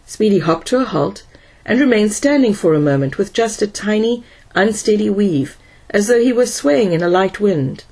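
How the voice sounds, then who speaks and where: A woman reading a science fiction story aloud in a measured, even narration. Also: mid-range voice, husky. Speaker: audiobook narrator. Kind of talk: scripted narration.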